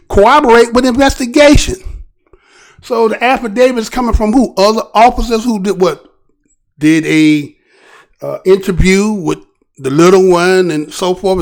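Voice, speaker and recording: Man, high pitch, gravelly edge, casual news commentary, rhetorical questions. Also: moderate pace. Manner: rhetorical, repeatedly asks "right?"; animated, restarts and trailing phrases. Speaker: commentary show host.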